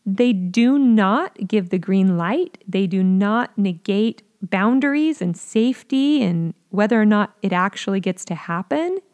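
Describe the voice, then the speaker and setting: A woman's voice: mid-range voice, expressive, measured pace, few pauses, a little mellow. A woman speaking earnestly to parents, teaching how to respond to children with curiosity, sometimes acting out what a parent might say. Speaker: parenting educator.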